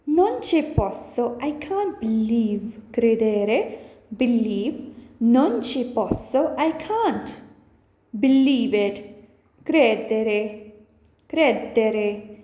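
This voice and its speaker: A woman gives a short language lesson in a high, mellow voice. She models each phrase slowly and carefully for learners to repeat. The room around her sounds echoey. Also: sing-song. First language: Urdu. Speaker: language teacher.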